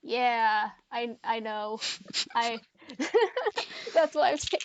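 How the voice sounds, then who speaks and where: A woman's voice: a little high, big pitch swings, extremely slow, a little hiss or hum. A woman player in a tabletop role-playing game, chatting casually and hesitating as she plans her moves.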